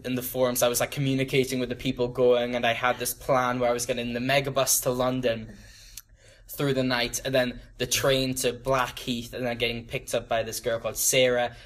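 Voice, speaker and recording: This young man in his twenties has a mid-range voice with a bit of brightness. Talking casually to a small church youth group, he rambles, stumbles through ums and restarts, and laughs self-deprecatingly at his own stories.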